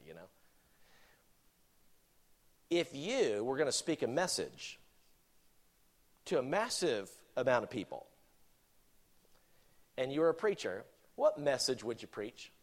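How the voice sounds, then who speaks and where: A middle-aged male pastor preaching a sermon, animated, asking rhetorical questions and often laughing. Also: medium pitch, slow pace, pauses often.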